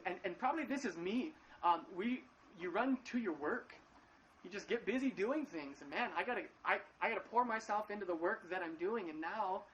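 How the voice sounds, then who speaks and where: A male pastor giving a casual sermon from his living room at home, talking in a halting way and often repeating words. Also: high voice, a bit bright, lo-fi sound, a little hiss or hum. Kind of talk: casual live-streamed sermon.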